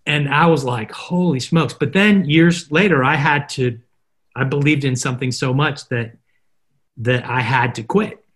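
Husky-voiced man telling animated stories. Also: mid-range voice, moderate pace. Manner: animated, acts out dialogue in stories. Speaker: podcast guest, marketer. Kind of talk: casual interview storytelling.

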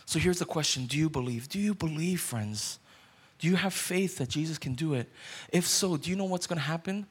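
A man's voice: fairly high pitch, lively intonation, brisk, husky. A man, a pastor, preaching a sermon in an earnest way and putting questions straight to his listeners.

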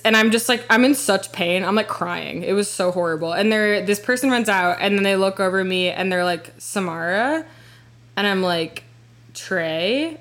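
A woman's voice: mid-range voice, fairly bright tone. Rambling young woman telling a story. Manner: rambling, peppered with "like" and swearing. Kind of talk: casual storytelling.

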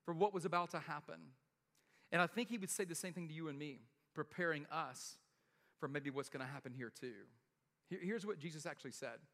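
A man gives a sermon like he's telling stories to friends, laughing and asking "right?" as he goes. His voice sits high and sounds bright. A long reverb trails after him, as in a large hall. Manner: casual, joking storyteller with frequent laughs and "right?". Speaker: pastor.

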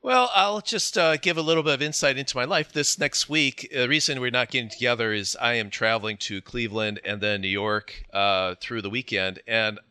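A middle-aged man with a husky morning voice co-hosting a casual sports podcast, joking and chuckling as he talks. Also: medium pitch, a little fast, hardly any pauses, sharp tone, no room sound, clean studio sound. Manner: joking, chuckles through his sentences. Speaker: podcast co-host.

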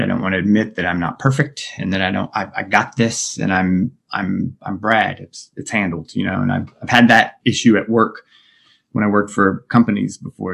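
A middle-aged man speaking as a podcast guest, talking candidly and reflectively, often pausing and restarting. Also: fairly low pitch, creaky, slightly rough. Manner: reflective, open, halting with many restarts. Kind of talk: candid interview conversation.

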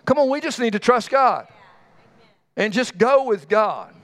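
A man's voice: extremely high pitch, animated, fairly bright tone. A man preaching a sermon in a folksy, conversational way, telling homespun stories and calling out to the congregation. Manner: tells homespun stories with quick asides to the congregation.

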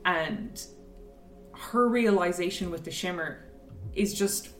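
A woman's voice: fairly low pitch, slow, fairly bright tone, soft background music. A woman chatting casually about a film, enthusiastic and rambling with lots of fillers. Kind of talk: casual chat, film review. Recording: echoey room, mic at a distance.

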